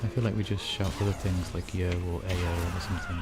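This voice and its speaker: A man's voice: deep voice, steady tone, fairly quick, loud music behind the voice. A man with a Northern English accent near Scouse, chatting casually with viewers while gaming, easygoing and full of "like" and "you know". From North of England. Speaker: game streamer.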